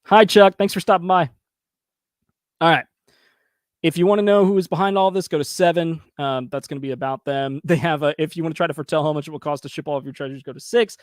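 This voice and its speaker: A man in his thirties hosting a casual review show, chatty and quick to laugh, talking straight to his viewers. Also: on the high side, steady tone, dry recording, studio quality. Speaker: host reviewing crowdfunding pages. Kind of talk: casual commentary.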